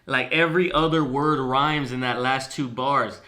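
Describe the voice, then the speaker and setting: A man's voice: medium pitch, fairly even intonation, unhurried, bright, forceful tone. A man casually breaking down a song's lyrics as a music YouTuber, eager and swearing freely. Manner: enthusiastic, swears freely, reacts with hums and ooh sounds. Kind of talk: casual song breakdown commentary.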